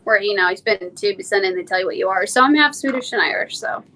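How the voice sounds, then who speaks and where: A woman chatting as an interview guest, talking quickly and laughing easily. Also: mid-range voice, animated, pushed and bright. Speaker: guest, content creator. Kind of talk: casual interview chat.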